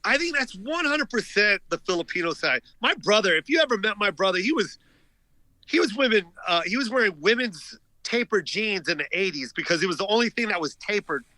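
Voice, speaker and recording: A middle-aged comedian guest with a high voice tells stories in casual chat, talking briskly and packing in filler words. He's an animated storyteller. The recording is dry and the audio poor.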